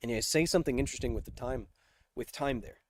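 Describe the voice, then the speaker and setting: A man hosting a casual science livestream, reading viewer questions aloud and answering them with jokes, slowing down for dramatic emphasis. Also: medium pitch. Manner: energetic, joking, shifts between slow dramatic emphasis and quick asides.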